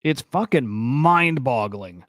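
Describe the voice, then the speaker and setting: A man's voice: medium pitch, lively intonation, takes it slowly, fairly bright tone, dry recording, clean studio sound. A young man hosting a casual crypto news stream, talking in a loose, rambling and profane way and getting worked up as he goes. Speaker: crypto and NFT news host. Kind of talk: casual live-stream commentary.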